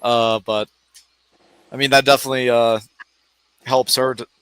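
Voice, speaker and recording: Bright-voiced rambling young man. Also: mid-range voice, flat delivery, normal speed, clear, resonant tone, no room sound, poor audio. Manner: rambling, hesitant, filler-heavy. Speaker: stream host. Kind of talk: casual stream chat.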